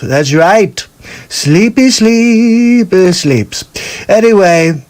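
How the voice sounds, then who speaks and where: A man's voice: fairly high pitch, lively intonation, darkish tone. A man doing a celebrity impression of a boastful older male president who rambles and repeats himself. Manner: rambling, repetitive, drawn-out words.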